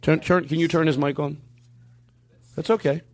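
A man hosting a podcast in casual chat, rambling and animated, jumping his voice up high when he quotes people. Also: normal speed. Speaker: podcast host. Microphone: studio mic.

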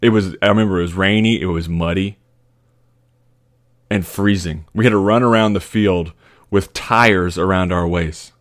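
A man's voice: low-pitched, steady tone, normal speed. Rambling man telling a story. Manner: rambling, laughing, with many fillers and restarts. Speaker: podcast host. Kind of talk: casual storytelling.

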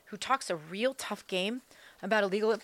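A woman's voice: mid-range voice, fairly bright tone, no room sound. Fired-up woman ranting on politics. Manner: fired-up, emphatic, rapid ranting with rhetorical questions. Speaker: political commentary host. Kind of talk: impassioned political monologue.

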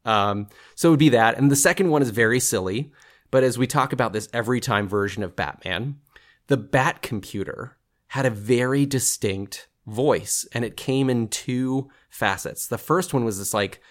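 A man's voice: mid-range voice, normal speed. Enthusiastic man guesting on a podcast. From Southern California. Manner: enthusiastic, laughs often. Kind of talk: casual interview chat.

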